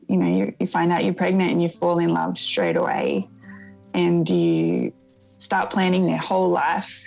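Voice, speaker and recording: A woman in her thirties telling a painful personal story in an interview, in a soft, reflective way that often halts and starts again. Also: fairly low pitch, creaky, lo-fi sound. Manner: soft, reflective, halting with restarts. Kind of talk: emotional personal testimony.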